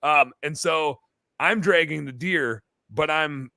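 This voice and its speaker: A man telling a long story as a podcast guest, animated and full of fillers in casual chat. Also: fairly high pitch, slow pace, no room sound. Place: bar-themed podcast set.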